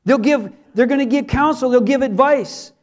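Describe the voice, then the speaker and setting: A man's voice: extremely high pitch, moderate pace. A man who is a pastor, preaching a sermon earnestly and repeating words for emphasis.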